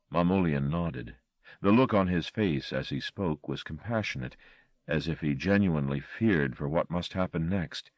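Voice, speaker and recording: A man reading a horror audiobook with a dramatic, expressive delivery. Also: rumbling low, moderate pace, no room sound. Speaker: audiobook narrator. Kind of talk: scripted horror narration.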